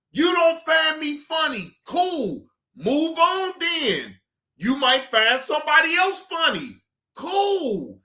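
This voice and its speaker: A livestream reaction host ranting at a viewer in the chat, profane and heated, often breaking into shouts and repeating dismissive goodbyes. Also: high-pitched. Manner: repetitive dismissive sign-offs.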